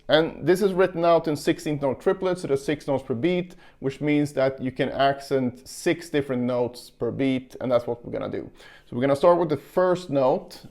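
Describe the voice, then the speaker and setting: A young man teaching a casual guitar lesson, explaining technique in a relaxed way and counting beats aloud. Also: a little high. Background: guitar playing.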